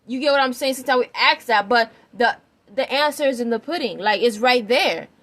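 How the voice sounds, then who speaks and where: A woman's voice: a little high, expressive, a little fast, a bit bright. A woman giving her opinion in a rambling, emphatic vlog, often checking that the listener follows her. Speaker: vlogger. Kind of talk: opinion commentary.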